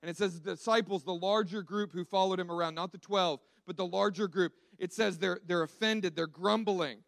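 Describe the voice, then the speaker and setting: High-voiced man preaching in a chatty way. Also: fairly even intonation, fairly quick, gravelly, dry recording. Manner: conversational, emphatic, repeats words as he restarts. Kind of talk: sermon.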